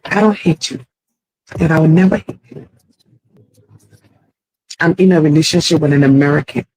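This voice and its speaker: A woman's voice: low voice, moderate pace, warm tone, no echo, rough recording. A woman making a tearful, pleading apology video, played inside a commentary.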